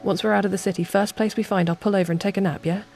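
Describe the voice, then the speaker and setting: A woman voicing a frantic, guilt-ridden young mother who rushes to reassure her son. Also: on the low side, fairly even intonation, darkish tone, soft background music, close to an everyday voice. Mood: eager.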